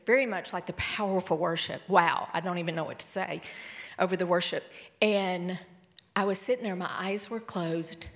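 Middle-aged woman, sermon testimony, emotional, swings from soft whisper to excited. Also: medium pitch. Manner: emotional storytelling, swings between hushed whispers and excited bursts. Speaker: speaker at a church service.

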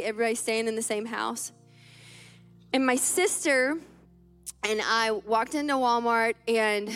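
Woman preacher in her 30s, high voice, tells stories then gets fervent, repeats stuff, soft music under. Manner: emphatic, repeats key phrases, builds to fervent appeals. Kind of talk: storytelling sermon.

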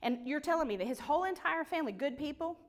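A woman's voice: sits high, quick pace. A woman telling a personal faith story, acting out voices and dropping to a near whisper at tense moments. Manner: animated, acts out quoted voices, trails to a near whisper. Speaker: speaker sharing a personal testimony.

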